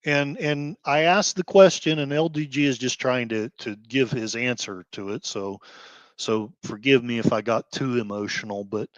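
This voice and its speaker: A man's voice: mid-range voice, dry recording. Heated man ranting on a dull mic. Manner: heated, sighing, quick outbursts between quieter stretches. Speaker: blogger host. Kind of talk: emotional commentary rant.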